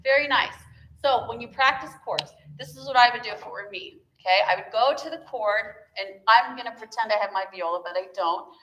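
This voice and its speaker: A woman's voice: fairly high pitch, fairly bright tone, slight background noise. Chatty woman coaching viola students. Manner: chatty, encouraging, demonstrates with quick asides. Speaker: viola teacher. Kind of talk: masterclass coaching. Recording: echoey room with instrument playing.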